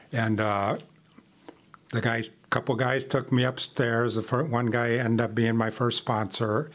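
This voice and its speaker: An older man giving a personal testimony at a recovery meeting, halting with frequent restarts and small laughs. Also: fairly low pitch. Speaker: member sharing at a recovery meeting.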